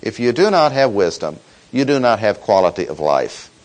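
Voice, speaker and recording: A man delivers a Bible-teaching sermon with a measured, emphatic delivery. His pitch moves freely up and down as he leans on key words, slowing right down for stress. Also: sing-song, low-quality recording. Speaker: preacher. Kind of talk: expository sermon.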